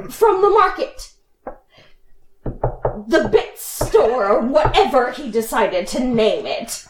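A woman running a tabletop game as game master, narrating in an animated way with frequent laughter. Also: sits high, reverberant, a little hiss or hum, poor audio. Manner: animated, laughing, drawn-out delivery.

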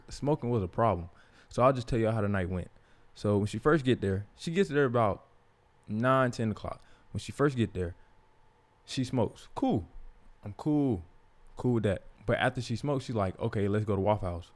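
A man's voice: lowish voice, moderate pace. Candid young man storytelling. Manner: profane, candid, animated when quoting others. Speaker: podcast host. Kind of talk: casual storytelling monologue.

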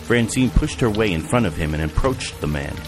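A man narrating an audiobook in an even, measured reading style. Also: lowish voice. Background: music and rain.

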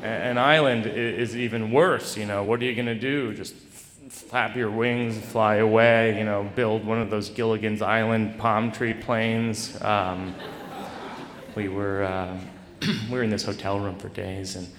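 A man telling a personal story to a live audience with a rambling, self-deprecating delivery full of halting restarts. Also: fairly low pitch, fairly even intonation, fairly bright tone, a little hiss or hum. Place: stage in a large hall. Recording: echoey live hall recording.

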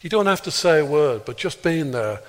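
An Englishman telling a story in a sermon and acting out the dialogue, jumping up high for exclamations and dropping low for quiet asides. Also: expressive, normal speed. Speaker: speaker leading a healing prayer talk. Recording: long reverb of a large hall.

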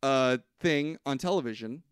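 A man's voice: medium pitch, normal speed, smooth, no room sound, clean studio sound. A man casually recapping a film's plot for a co-host, acting out the characters' lines and swearing freely. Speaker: podcast co-host. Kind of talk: casual chat retelling a movie plot.

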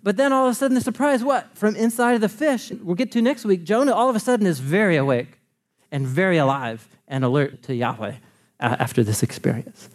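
Animated high-voiced male preacher. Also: fairly quick. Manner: animated, conversational, laughs often. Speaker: pastor. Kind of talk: sermon.

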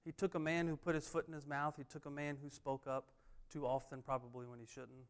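A man's voice: on the high side, flat delivery, a little fast, clear, resonant tone. Emphatic man preaching. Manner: emphatic preaching with repeated refrains. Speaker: pastor. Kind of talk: sermon.

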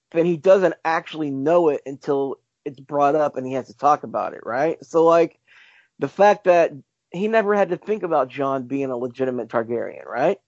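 A man hosting a casual podcast chat, animated and arguing his point with rhetorical questions. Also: a little high, no room sound. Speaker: podcast host. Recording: dull lo-fi sound.

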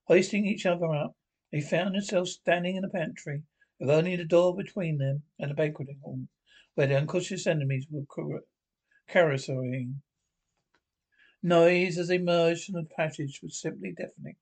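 Man reading a storybook aloud, halting. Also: on the high side, gravelly, a little mellow, low-quality recording. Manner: halting, with frequent restarts and slips. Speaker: reader.

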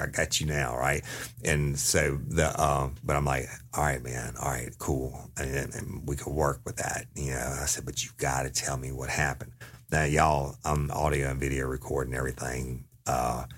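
A man's voice: very deep voice, gravelly, fairly bright tone, slightly rough. A man telling an audience about a police interrogation, casual and profane, acting out the quoted dialogue. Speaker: storyteller recounting a police interrogation.

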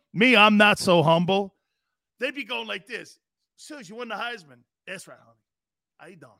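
A man hosting a sports talk show, telling rambling, profane stories in a loud, brash way. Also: sits high, no echo, clean studio sound. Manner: loud, brash, profane storytelling with acted-out quotes.

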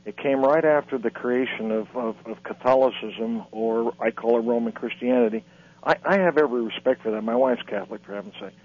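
A man, an author and lecturer, speaking as a guest on a radio interview in an earnest, lecturing way. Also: medium pitch. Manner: earnest, lecturing, halting restarts. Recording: muffled radio broadcast.

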